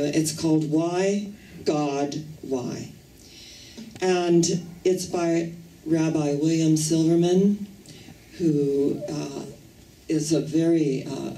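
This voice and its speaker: Slow earnest woman preaching in an echoey hall. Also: low-pitched, darkish tone, a little hiss or hum. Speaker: minister. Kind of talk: sermon. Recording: echoey room, voice far from the mic.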